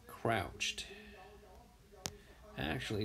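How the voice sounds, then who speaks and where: A man giving soft-spoken commentary while he draws, half-whispering and musing aloud as he works. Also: fairly low pitch, very slow, gravelly, long pauses. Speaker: artist. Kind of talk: drawing commentary.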